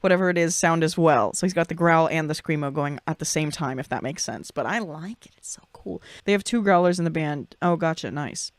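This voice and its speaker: A woman and opera singer hosting her channel, giving excitable, chatty live reaction commentary and explaining technique to viewers. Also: on the low side, no room sound. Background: faint metal music from the video.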